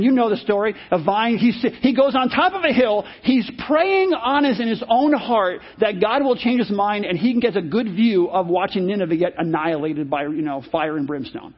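A man's voice: high voice, breathy edge. A male pastor preaching a sermon, emphatic and repeating his key phrases. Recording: dull lo-fi sermon recording.

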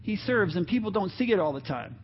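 Earnest male pastor, high voice, conversational sermon, dull lo-fi church recording. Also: big pitch swings, brisk, a little hiss or hum. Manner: earnest, encouraging, conversational with asides. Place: church sanctuary.

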